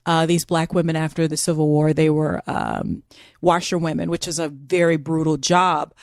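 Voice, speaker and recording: A young woman co-hosting a podcast in casual, animated chat. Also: low voice, vocal fry, dry recording, clean studio sound. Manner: chatty, animated, quick to laugh. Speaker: podcast co-host.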